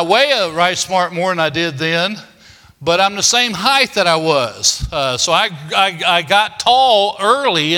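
An older man, his voice high and very bright. He tells stories in a folksy, homespun way, with many "uh" fillers. His words ring with the long reverb of a big church hall. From Kentucky, United States. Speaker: preacher. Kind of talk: storytelling sermon.

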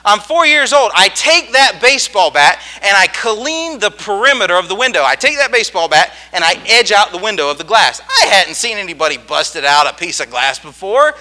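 A man delivers a sermon as a folksy personal story, his fairly high voice leaping up and down in pitch. His tone is sharp and bright, and he keeps pausing to check in with his listeners. The telling is animated and conversational. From rural farm upbringing. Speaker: preacher.

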